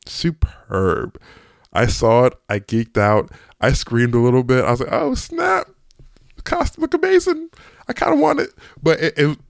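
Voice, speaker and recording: A man giving a casual movie review, excitable and chatty, with frequent ums and restarts. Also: lowish voice, no room sound, studio quality.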